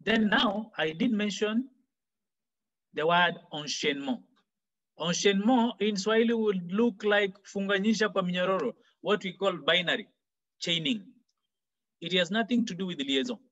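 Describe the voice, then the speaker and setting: A man teaching a French lesson for exam preparation, explaining slowly and repeating example phrases. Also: high voice, fairly bright tone, lo-fi sound. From Kenya. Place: online class.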